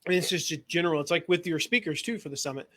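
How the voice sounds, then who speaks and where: Brief: male interview host, somewhat high voice, loose and chatty, laughs a lot. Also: racing, fairly bright tone. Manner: chatty, laughs easily, asks rambling questions. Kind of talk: casual podcast interview.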